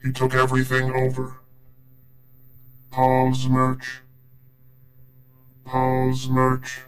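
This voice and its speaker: Flat, slow-talking man in an echoey room. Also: medium pitch.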